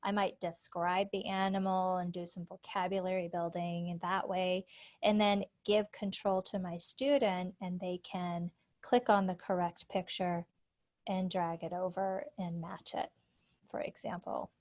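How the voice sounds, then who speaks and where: A woman's voice: fairly low pitch, level tone, a little slow, darkish tone. A woman in her forties, a speech-language pathologist, presenting teaching activities to teachers on a computer call in a friendly, explanatory way. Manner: friendly, explanatory, with frequent fillers. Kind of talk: conference presentation, screen-share walkthrough.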